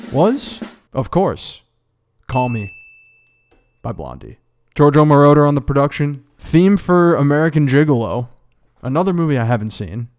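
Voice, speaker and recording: A man's voice: medium pitch, a little mellow, no room sound, clean studio sound. A man hosting a casual music reaction, chatting with enthusiasm and musing aloud between songs. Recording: music playing behind.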